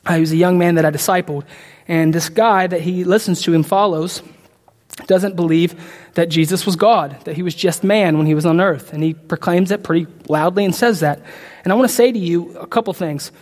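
Emphatic high-voiced preacher in a reverberant hall. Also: male voice, a little fast. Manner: emphatic, repetitive, rising to loud climaxes. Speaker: pastor. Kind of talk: sermon. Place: church.

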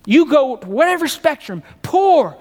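A man's voice: very high voice, big pitch swings, measured pace, darkish tone. A man preaching a sermon as pastor, repeating phrases, building emphasis and putting questions to his audience. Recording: long reverb of a large hall.

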